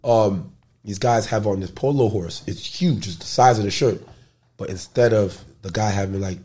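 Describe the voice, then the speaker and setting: A man's voice: fairly low pitch, normal speed, slightly rough. A man from the Bronx, telling loose, slangy stories as an interview guest. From the Bronx, New York. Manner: loose, animated storytelling with slang and profanity. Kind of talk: casual storytelling interview.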